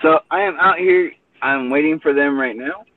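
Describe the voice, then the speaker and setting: A man's voice: fairly high pitch, normal speed, no room sound. A man hosting a casual chat from his car between rideshare pickups, laid-back and rambling, saying dude a lot. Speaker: host and rideshare driver. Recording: tinny phone-line audio.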